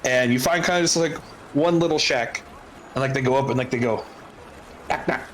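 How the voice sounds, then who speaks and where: A man's voice: medium pitch, brisk, background noise. A man narrating as game master of a tabletop game, rambling with many fillers and laughs.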